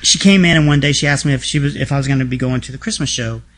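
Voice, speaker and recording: A man's voice: medium pitch, rapid-fire, fairly bright tone. Feisty, wisecracking male podcast guest. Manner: feisty, humorous, frank. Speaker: interview guest. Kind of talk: casual storytelling conversation.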